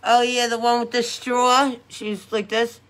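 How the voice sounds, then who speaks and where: A middle-aged woman with a slightly high voice chats slowly and casually with her viewers while working on her makeup. She giggles often and keeps talking straight to her audience. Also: little pitch movement, fairly bright tone. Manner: giggly, chatty, talks to viewers. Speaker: makeup vlogger. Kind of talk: casual live-stream chat while doing makeup.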